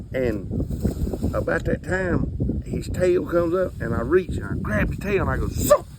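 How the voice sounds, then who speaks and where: A man's voice: a little high, noisy background. A man telling a comic hunting story in a drawling, folksy way. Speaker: storyteller comedian.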